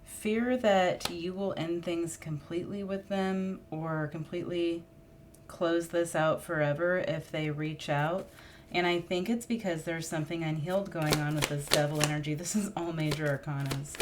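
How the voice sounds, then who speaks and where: A woman's voice: lowish voice, fairly even intonation, moderate pace, a little hiss or hum. A woman reading tarot cards in a casual, musing monologue, thinking aloud and getting emotional as she draws cards. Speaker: tarot reader.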